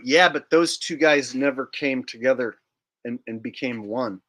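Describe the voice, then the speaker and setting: A man's voice: mid-range voice, moderate pace, a bit bright. Casual streamer: a man who jokes around and rambles through viewer comments. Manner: joking, rambling, reads out chat comments. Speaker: livestream host. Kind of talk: casual livestream chat.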